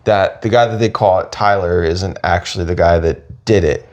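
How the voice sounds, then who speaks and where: A man with a very low, deep voice co-hosts a casual podcast chat. He rambles and restarts his sentences as he thinks aloud. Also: normal speed, darkish tone, muffled recording. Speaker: podcast co-host.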